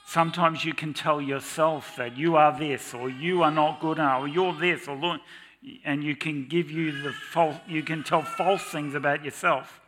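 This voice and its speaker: A man's voice: fairly high pitch, steady tone, normal speed, a bit bright, a little hiss or hum. A man preaching a sermon in a church, speaking in an earnest, confessional way. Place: church with slides.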